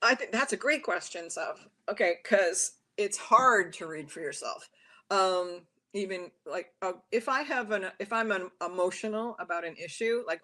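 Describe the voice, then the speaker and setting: Speaking at normal speed with a medium-pitched voice, a woman who reads tarot chats freely as an interview guest. She's an animated storyteller who voices the quotes in her tales.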